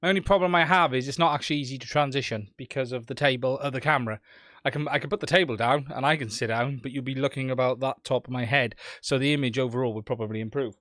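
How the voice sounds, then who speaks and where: A man's voice: mid-range voice, fast talker, a bit bright, dry recording, studio quality. Welsh man hosting a live stream. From Wales. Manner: chatty, greets chat viewers by name. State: standing while streaming. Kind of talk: casual live stream chat.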